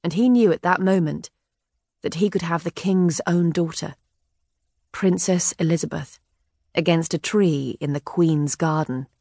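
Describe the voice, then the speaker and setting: A woman narrating a historical novel in a measured, even way. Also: fairly low pitch, no echo, studio quality. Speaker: audiobook narrator. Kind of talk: scripted narration.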